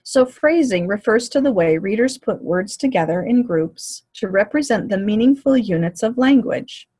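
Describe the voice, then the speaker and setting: A woman giving a lecture on teaching reading, in a clear, measured, explanatory way. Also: medium pitch, lively intonation, mellow. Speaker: teacher educator.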